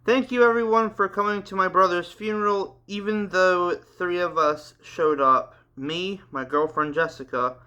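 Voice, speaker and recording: A man reading a story aloud and voicing a grieving young man who shouts and sobs in anguish. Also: sits high, unhurried, few pauses, clear, resonant tone, pitched above the performer's own voice. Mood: solemn. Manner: shouting and sobbing.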